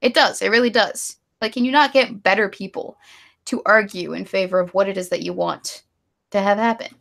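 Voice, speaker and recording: Gravelly-voiced woman stream host. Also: medium pitch, brisk, a bit bright. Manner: opinionated ranting, then giggly and apologetic. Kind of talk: casual live-stream chat.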